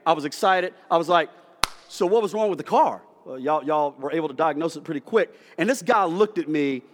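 A man's voice: fairly high pitch, a little fast, background noise. A man, preaching a sermon in a church and acting out the dialogue of his story. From United States. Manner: storytelling, animated, acts out dialogue. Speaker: pastor. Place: church sanctuary. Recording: long hall reverb.

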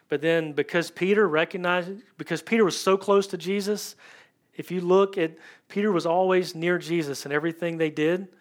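A man with a slightly higher voice preaches to his congregation in a church. He talks in a loose, conversational way, pausing often and filling gaps with ums as he works through his point. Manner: conversational, searching, with many ums and pauses. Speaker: pastor. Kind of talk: sermon.

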